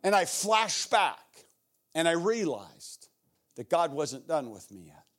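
A middle-aged man preaching as a guest speaker, telling an animated story and acting out the people in it, with playful asides. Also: on the high side, takes it slowly. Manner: animated, acts out the people in his stories. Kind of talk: sermon storytelling.

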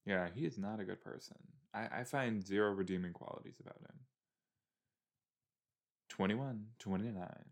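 A man's voice: lowish voice, measured pace, long pauses. A man in his early twenties chatting casually as he reacts to a TV episode, exasperated and talking back at the screen. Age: early 20s. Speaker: show reaction host.

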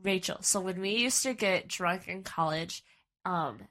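Bright-voiced young woman, quick laughing reactions. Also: fairly low pitch. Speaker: podcast co-host. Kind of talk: casual chat.

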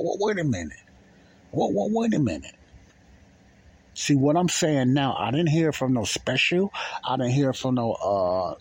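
Husky man rambling in plain talk. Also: medium pitch. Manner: rambling, repeats phrases, folksy plain talk. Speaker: podcast host. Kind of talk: casual spoken monologue.

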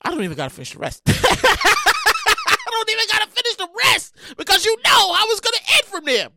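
Animated, exasperated podcast host woman. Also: very high-pitched, brisk, heavy background noise. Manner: loud, exasperated and animated, with profanity and repeated phrases. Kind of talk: comedic news commentary.

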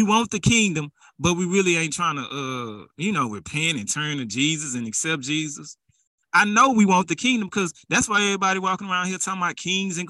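A man's voice: high-pitched, expressive, a little fast, pushed and bright, no echo. A man preaching a sermon in a casual, conversational way that builds into fervent exhortation.

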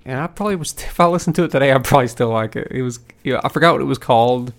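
A young man co-hosting a casual podcast, his voice gravelly with vocal fry. He rambles in a relaxed, self-deprecating way. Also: mid-range voice, rapid-fire. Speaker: podcast co-host. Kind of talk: casual chat.

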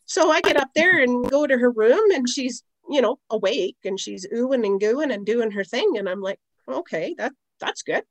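A middle-aged aromatherapist from Canada, guesting on an interview podcast, speaks at a moderate pace with hardly any pauses, her voice a little high. She rambles conversationally through long stories packed with "you know" asides. There's no room sound, and the recording is low-quality.

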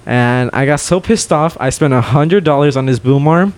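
A young man co-hosting a podcast, telling a story in casual chat, swearing and loudly acting out what people said. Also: mid-range voice, normal speed. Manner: animated, swears a lot, acts out quotes loudly. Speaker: podcast co-host.

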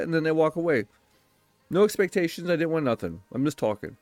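A slightly high-voiced young man talks into a close, dry mic. He runs a casual solo podcast full of blunt, profane advice and acted-out quotes. Soft music sits low behind him. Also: fast talker, no room sound. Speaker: podcast host.

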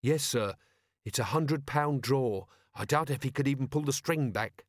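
A man narrates an audiobook, lightly acting the part of an earnest, dutiful young male watch captain who speaks politely and eagerly. His voice is mid-range at a moderate pace, pitched above his natural voice, in a dry, studio-quality recording.

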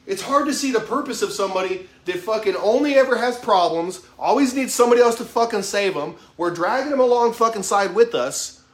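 A man's voice: high voice, lively intonation, fairly quick, few pauses, fairly bright tone. Blunt, swearing man in his thirties. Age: 30s. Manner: blunt, heavy swearing, emphatic, self-revealing. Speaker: motivational vlogger. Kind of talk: profane motivational monologue to camera. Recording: echoey room.

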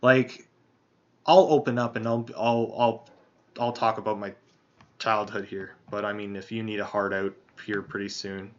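A man's voice: on the low side, flat delivery, normal speed. A man hosting a podcast, talking casually in a rambling, profane, soul-searching way. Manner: rambling, profane, introspective storytelling. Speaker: podcast host. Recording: dull lo-fi sound.

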